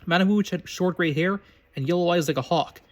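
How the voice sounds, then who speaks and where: A man's voice: sits high, fairly quick. A man reading a story aloud, often stumbling and correcting himself. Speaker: reader. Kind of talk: reading fan fiction aloud.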